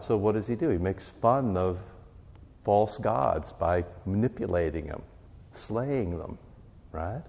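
A man's voice: low-pitched, darkish tone, big-room sound. A man teaching a catechism class as pastor, talking conversationally and often checking in with his listeners. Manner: conversational, often asks "right?".

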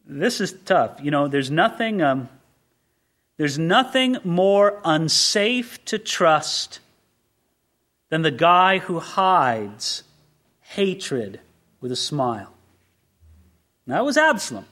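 A man preaching a sermon as pastor, animated and full of rhetorical questions, swelling to emphatic peaks. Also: fairly high pitch, slow pace, long pauses. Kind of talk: expository sermon.

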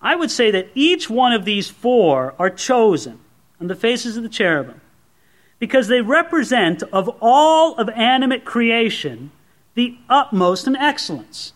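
High-voiced man preaching a sermon. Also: sing-song, unhurried. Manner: earnest teaching, repeats words for emphasis. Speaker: pastor. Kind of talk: expository sermon.

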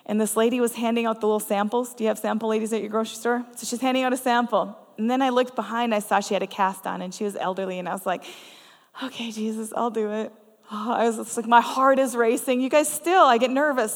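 A woman's voice: fairly high pitch, fairly even intonation, quick pace, few pauses. Woman preaching in a reverberant church hall. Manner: conversational and earnest, with frequent laughs. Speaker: guest preacher. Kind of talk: storytelling sermon. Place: church sanctuary.

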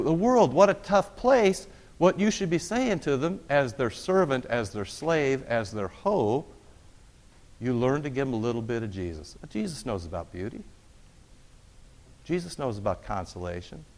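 A man's voice: fairly low pitch, darkish tone. A middle-aged man giving a conversational, wry lecture-style sermon. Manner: conversational and wry, with sarcastic asides. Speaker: preacher. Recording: long reverb of a large hall.

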